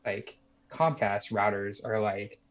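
A man's voice: fairly low pitch, fairly even intonation, slow. A young man calling in to tell a story in a casual, rambling way, full of "like" and "you know". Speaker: caller sharing a story. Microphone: video call. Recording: muffled lo-fi call audio.

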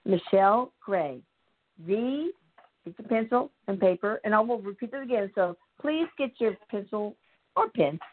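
A woman's voice: medium pitch, lively intonation, moderate pace. A woman hosting a call-in radio show, effusive and affectionate, hurrying her callers along. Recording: tinny phone line.

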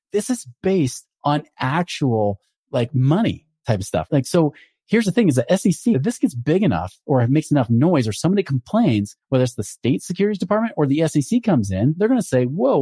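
A man's voice: a little high, mellow, no room sound, clean studio sound. A man hosting a finance show, explaining investment red flags in a casual, emphatic way and acting out the people he quotes. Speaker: podcast host and financial advisor.

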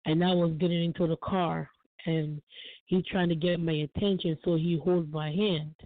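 A woman's voice: on the low side, steady tone, moderate pace. A woman speaks earnestly on a call-in show, repeating her phrases for emphasis. Her voice comes through a thin, phone-like line. The sound is dry, with no room echo. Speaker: guest on a call-in talk show. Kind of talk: emotional personal testimony.

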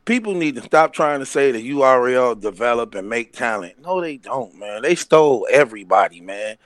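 A man co-hosting a casual podcast chat, animated and laughing as he acts out what others said. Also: medium pitch, moderate pace, no echo. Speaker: podcast co-host.

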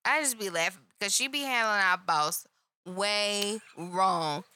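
A woman co-hosting a casual live chat, animated and profane, laughing loudly. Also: mid-range voice, a little slow, dry recording, clean studio sound. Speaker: co-host. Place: live online stream.

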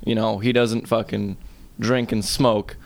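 A man's voice: on the low side, a little slow, vocal fry. A young man co-hosting a casual podcast, telling stories bluntly and swearing freely. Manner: blunt, profane, animated storyteller. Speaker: podcast co-host. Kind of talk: casual chat.

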